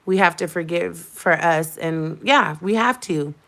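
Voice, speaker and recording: A woman's voice: fairly low pitch, a little slow, gravelly, a bit bright. A young adult woman vlogger in a casual livestream chat, telling a heated story with emphatic repetition.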